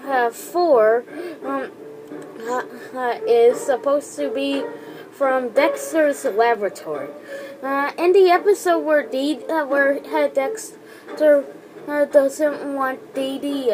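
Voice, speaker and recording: A woman's voice: high voice, rough recording. A woman hosting a casual countdown video, talking hesitantly with many fillers and restarts. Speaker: video host. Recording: music playing behind the voice.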